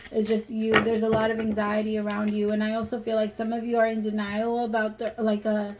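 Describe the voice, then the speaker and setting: A woman's voice: mid-range voice, completely flat delivery, fairly quick, noisy background. A woman giving a casual tarot reading to camera, talking bluntly and emphatically and swearing freely. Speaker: tarot reader.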